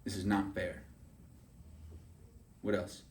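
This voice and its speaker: A man's voice: low-pitched, level tone, takes it slowly, a little mellow, recorded from a distance. A man giving a motivational sales training talk, chatty and often asking "right?" to check in with his listeners.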